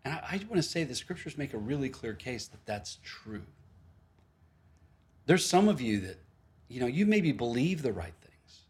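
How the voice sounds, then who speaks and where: Animated male pastor telling a story. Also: medium pitch, normal speed. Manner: conversational storytelling with frequent asides and restarts. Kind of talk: sermon.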